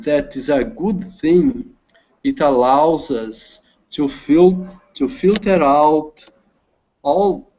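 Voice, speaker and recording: A man learning English, reading a text aloud over a video call with halting restarts. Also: medium pitch, a little mellow. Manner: halting, restarts words, careful slow reading. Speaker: language student. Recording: dull lo-fi call audio.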